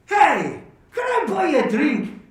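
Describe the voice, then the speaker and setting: A man's voice: very high voice, huge pitch swings, slow, a bit bright, pitched above the performer's own voice, exaggerated voice. A man voicing a jovial drinker in a bar who keeps raising toasts in an eager, exclaiming way. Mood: cheery. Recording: echoey room from far off.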